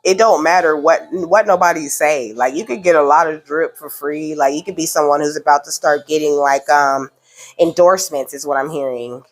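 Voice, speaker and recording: A woman giving a casual spiritual reading to her viewers, animated and slangy, laughing often. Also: low-pitched, moderate pace. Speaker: spiritual card reader.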